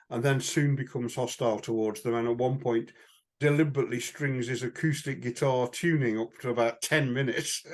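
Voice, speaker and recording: A man, co-hosting a podcast and recounting anecdotes in a casual, rambling way, with fillers and chuckles. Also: medium pitch. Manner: chatty anecdotal storytelling with frequent fillers and chuckles. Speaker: podcast co-host. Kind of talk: casual chat.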